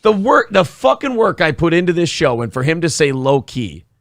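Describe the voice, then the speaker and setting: A man's voice: on the high side, very animated, normal speed, gravelly, fairly bright tone, no room sound, clean studio sound. A man co-hosting a casual morning show, sarcastic and profane, often mock-outraged. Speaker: podcast co-host. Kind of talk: casual chat.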